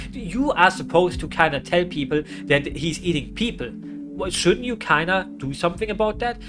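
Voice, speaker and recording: A man's voice: sits high, moderate pace. A man from Europe reading a horror story aloud, often stopping for amused, rambling asides. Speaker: creepypasta reader. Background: guitar music.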